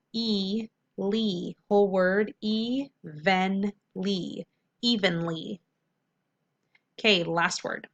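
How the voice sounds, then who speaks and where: A woman teacher giving a phonics lesson to children, friendly and encouraging, drawing out syllables slowly when she sounds out words. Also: mid-range voice.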